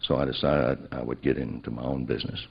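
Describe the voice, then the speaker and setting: A man's voice: rumbling low, level tone, a little fast, creaky, slight background noise. A man telling a personal story, acting out both sides of remembered conversations. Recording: dull lo-fi recording.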